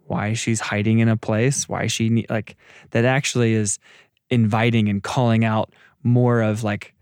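A man with a fairly low voice reflects on faith in an unhurried conversation. He thinks aloud and sometimes stops to search for the right words. The recording is dry and close. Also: flat delivery, darkish tone, no echo. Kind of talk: casual faith discussion.

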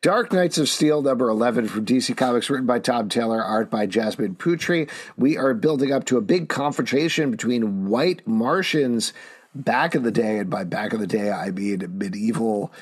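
Man, podcast host, brisk, segment intros, casual review. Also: mid-range voice, slightly rough. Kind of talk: reading out comic credits and reviews.

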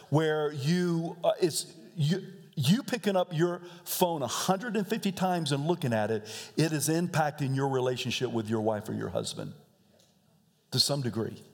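A man's voice: a little high, a little mellow. A male pastor preaching a sermon in a church, talking in a loose, conversational way and often laughing between his points. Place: church sanctuary. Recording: reverberant church hall.

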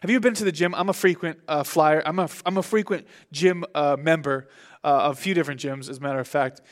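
Animated young male pastor preaching. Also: fast. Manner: animated, conversational preaching with big pitch swings. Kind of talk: sermon.

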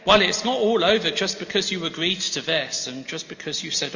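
A man preaching a sermon in a large church, telling stories gently with self-deprecating humor. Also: a little high, animated, a little fast. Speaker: guest preacher. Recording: reverberant church hall, slightly muffled.

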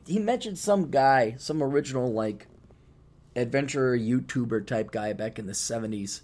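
A man hosting a podcast alone, rambling in a sarcastic, casual monologue with sudden loud bursts, tired and just waking up. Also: medium pitch. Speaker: podcast host.

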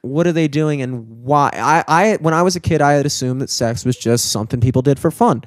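A man's voice: mid-range voice, fairly quick, no echo, clean studio sound. A young man in casual chat, rambling and swearing, with lots of filler words.

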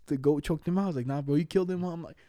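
Dark-voiced, slangy young man. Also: on the high side, rapid-fire, no echo, studio quality. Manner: slangy, laughing storyteller, swears a lot. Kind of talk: casual chat.

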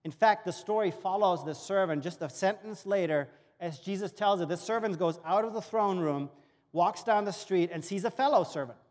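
High-voiced German man preaching in a hall. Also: normal speed, darkish tone. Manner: storytelling with acted-out dialogue, earnest. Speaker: pastor. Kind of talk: sermon. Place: church auditorium. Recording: long reverb of a church hall.

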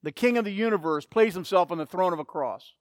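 A man's voice: sits high, quick pace, dry recording, clean studio sound. A man preaching a sermon, emphatic and repeating key phrases for effect. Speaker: pastor.

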